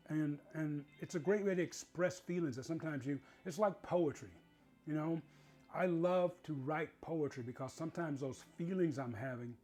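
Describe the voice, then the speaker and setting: Savoring each bite aloud, a male cooking-show host keeps up a casual, warm, enthusiastic chatter while tasting what he's made. His pitch is fairly high and his voice slightly rough.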